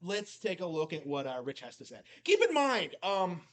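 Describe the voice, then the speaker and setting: A man with a notably high voice rambles through mocking reaction commentary. He leans on "like" constantly and sounds scornful toward his subject. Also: very animated, normal speed, fairly bright tone. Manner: mocking, heavy use of "like" fillers. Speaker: commentary YouTuber.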